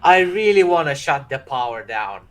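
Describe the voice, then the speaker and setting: A man chats casually as co-host, pausing often on fillers. His voice sits fairly high. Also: big pitch swings, crowd noise. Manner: hesitant, many fillers. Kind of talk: casual chat.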